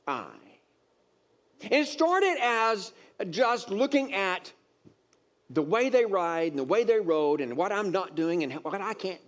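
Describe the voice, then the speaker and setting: Male pastor, higher register; preaches through a personal story, building to emphatic exasperated peaks. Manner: storytelling, grows animated and exasperated with rising emphasis; many fillers and repeated words. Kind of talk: sermon.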